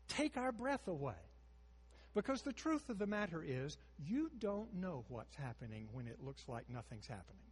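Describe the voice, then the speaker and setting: An older male preacher with a husky voice that sits a little high and climbs and dips expressively. He shifts from hushed storytelling to emphatic, rising declarations. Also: long reverb tail. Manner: animated, swings between hushed storytelling and emphatic rises. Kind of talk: sermon.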